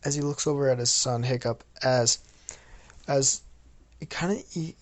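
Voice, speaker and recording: A man's voice: medium pitch, moderate pace. A young man improvising a fan story, rambling with many restarts.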